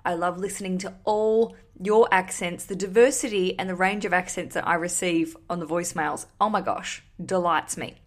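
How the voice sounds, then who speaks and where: A woman's voice: on the low side, normal speed, hardly any pauses. Chatty woman podcast host. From Australia. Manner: chatty, animated, swears casually. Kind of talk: casual podcast chat.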